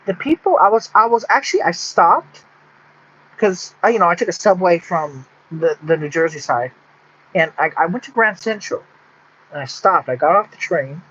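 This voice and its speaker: A man from Texas talks to his camera in a loose, rambling way, restarting his sentences as he goes. His voice sits a bit high for a man and has a husky edge. The recording sounds dull and lo-fi. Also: animated, moderate pace, pushed and bright. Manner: rambling, with many restarts and fillers. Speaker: vlogger. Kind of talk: rambling casual monologue.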